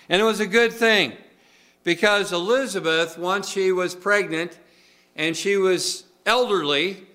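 Guy preaching, folksy and chatty, lots of uhs, bright kinda tense voice, bit high. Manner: conversational, folksy, many filler uhs. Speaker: pastor. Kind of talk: sermon.

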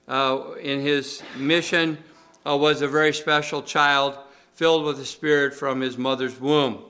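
A man's voice: fairly high pitch, sharp tone. A male pastor preaching a sermon in a conversational, folksy way, with many filler uhs.

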